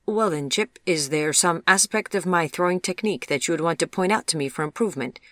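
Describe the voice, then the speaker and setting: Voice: mid-range voice, brisk, pushed and bright, no echo, clean studio sound, natural voice. A narrator voicing a proud, guarded young woman who speaks politely but with a prickly, wry edge.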